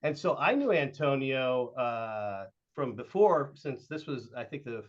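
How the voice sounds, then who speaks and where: Rambling middle-aged coach on lo-fi audio. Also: male voice, mid-range voice, lively intonation, a little slow. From Southern Oregon, USA. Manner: rambling, with frequent "uh" and "like", acting out quoted dialogue. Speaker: guest, youth travel baseball coach. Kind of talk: casual podcast storytelling.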